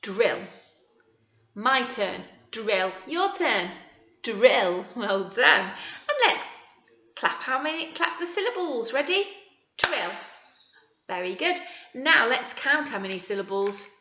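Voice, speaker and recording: A woman teacher with a British accent leading a young children's phonics lesson, modelling words slowly and encouragingly. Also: a little high, big pitch swings, sharp tone. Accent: British English. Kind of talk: early years phonics lesson. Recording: echoey room, dull lo-fi sound.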